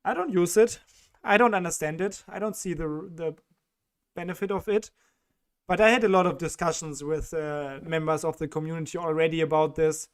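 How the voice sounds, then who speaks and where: A man's voice: fairly high pitch, normal speed, clear, resonant tone. A man with a strong German accent hosting a casual livestream, reading chat questions aloud and answering them with fillers and small laughs.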